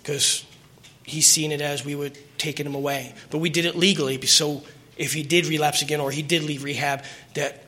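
A man's voice: on the high side, little pitch movement, normal speed, sharp tone. A middle-aged man telling his personal recovery story at a meeting, earnest and emotional, rambling with restarts.

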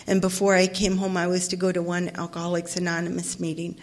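A middle-aged woman from Ohio telling her own story as a recovery meeting speaker, animated and self-mocking, often laughing. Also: lowish voice, fast. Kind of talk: personal testimony, storytelling.

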